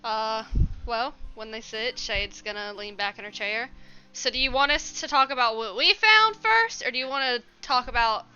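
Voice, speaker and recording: A woman's voice: fairly high pitch, normal speed, bright, forceful tone, clear, resonant tone, highs cut off, faint music behind. A woman playing a tabletop game, talking in a dry, weary way. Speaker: player. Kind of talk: casual tabletop game chat.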